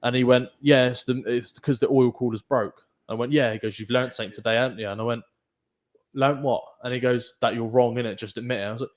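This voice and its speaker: A man co-hosting a casual podcast in a middle-pitched voice. He tells long anecdotes, swears freely and breaks into laughter along the way. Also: fairly even intonation, fast. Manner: profane, laughing storyteller. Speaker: podcast co-host. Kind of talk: casual chat.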